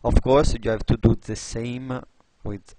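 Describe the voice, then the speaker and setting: A man from Italy with an Italian accent, tutoring on design while thinking aloud, halting with many fillers and restarts. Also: mid-range voice, steady tone, mellow, slight background noise. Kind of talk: screen-recorded tutorial.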